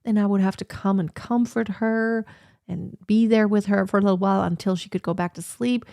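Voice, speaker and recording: A woman's voice: medium pitch, fairly even intonation, a little fast, vocal fry, dark tone, no echo, clean studio sound. A woman in her thirties chatting casually and reflectively on a sit-down livestream from her home office, with lots of fillers. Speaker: vlogger.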